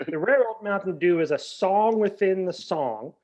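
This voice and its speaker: A man in his late forties with a fairly high voice, talking as a podcast guest. He chats casually and tells stories in a rambling way, often restarting his sentences. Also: animated, moderate pace, a little mellow. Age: 40s. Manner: chatty storyteller, frequent restarts. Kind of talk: casual chat.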